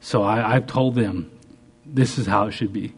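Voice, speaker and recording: A man preaching a sermon, telling stories with bursts of excitement and quiet asides. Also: fairly low pitch, moderate pace, breathy edge.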